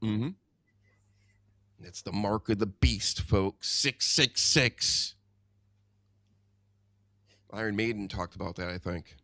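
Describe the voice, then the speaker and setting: A man hosting a casual podcast chat, rambling and chatty with quick asides. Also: lowish voice, steady tone, dry recording, studio quality. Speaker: podcast host.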